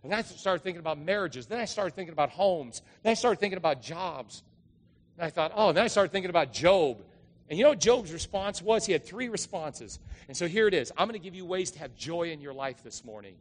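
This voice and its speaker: A middle-aged male pastor preaching a sermon, telling stories and acting out the voices with drawn-out dramatic lines. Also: high voice, lively intonation. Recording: long hall reverb.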